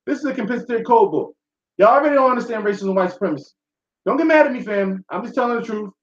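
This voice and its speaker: A man's voice: extremely high pitch, expressive, racing. A man hosting a talk show, delivering a blunt, profane, preachy monologue to his listeners. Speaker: show host. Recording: echoey room, dull sound.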